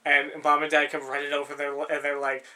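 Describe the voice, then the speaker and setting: A man's voice: a little high, completely flat delivery, fast talker, sharp tone, smooth. A man in casual chat, rambling through stories, swearing freely and laughing often.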